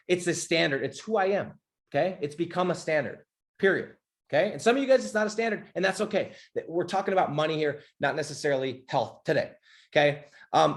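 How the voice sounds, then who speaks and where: A man coaching on a livestream in a blunt, emphatic way, swearing often and checking in with "okay?". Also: fairly high pitch. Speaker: business coach. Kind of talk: motivational livestream talk. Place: home office.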